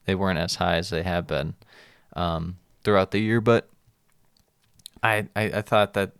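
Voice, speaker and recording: A man's voice: low-pitched, steady tone, unhurried, creaky, a bit bright, smooth, dry recording, clean studio sound. A man co-hosting a sports podcast, chatting casually and a bit rambly about matches, laughing often. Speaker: podcast co-host.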